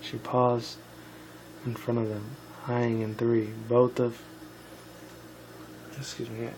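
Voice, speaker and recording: A tired young man reads a fan story aloud in a mid-pitched voice, often tripping over words and doubling back to fix them. He drops casual asides between passages, and a faint hiss runs under the recording. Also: a little mellow, rough recording. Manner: stumbling, self-correcting, with asides. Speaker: fan fiction reader.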